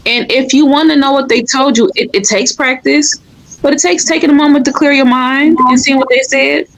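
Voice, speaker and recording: A woman's voice: sits high, fairly even intonation, moderate pace, poor audio. A woman who works as a medium, speaking earnestly as a podcast guest and often filling with "like". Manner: earnest, leans on "like" as a filler. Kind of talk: casual podcast chat.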